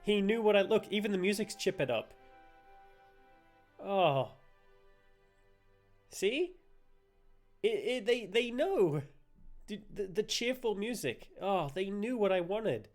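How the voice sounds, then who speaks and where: A man's voice: sits high, very animated, slow, pauses often, soft background music. A man streaming a game live, commenting playfully and laughing as he jokes with his audience. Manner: playful, laughing, joking with chat.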